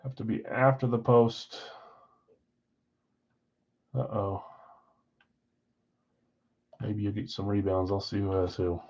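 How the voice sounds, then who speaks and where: A man's voice: on the low side, takes it slowly, pauses often, a little mellow, dull audio. A man hosting a live card break from a card shop, chatting casually while rattling off names and teams.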